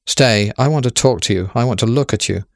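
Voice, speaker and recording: A man's voice: medium pitch, fairly quick, vocal fry, no room sound, clean studio sound, lightly acted. A man voicing an earnest young poet, eager and pleading.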